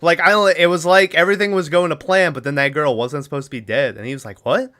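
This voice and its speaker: A man's voice: a little high, steady tone, quick pace, bright, forceful tone. A man hosting a podcast, casually retelling a movie's plot and acting out the characters' lines with laughs. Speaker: podcast host.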